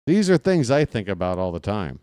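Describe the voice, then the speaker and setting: Deep smooth-voiced man doing rambling baseball commentary. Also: very animated, a little fast, dark tone, no room sound. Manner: rambling, jokey, talks to chat viewers. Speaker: play-by-play streamer. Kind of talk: casual baseball commentary with chat.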